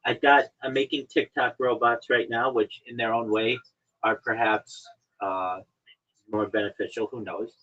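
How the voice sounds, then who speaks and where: A man hosting a podcast casually chats with his guest over an online call, teasing him with mock-serious lectures. His voice is bright and husky, described as moving a lot in pitch yet also showing little pitch movement, and he talks a little slowly. The call audio is dull and lo-fi.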